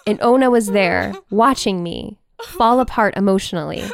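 A woman podcast host telling a personal story in an animated, vivid way into a close microphone. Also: mid-range voice, normal speed, vocal fry, a crowd in the background.

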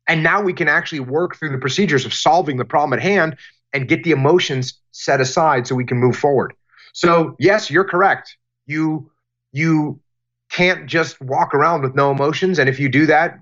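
A man's voice: on the high side, a bit bright. Emphatic man, slightly muffled audio. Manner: deliberate, emphatic, repeats phrases for emphasis. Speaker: guest, former military leader. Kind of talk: interview answers.

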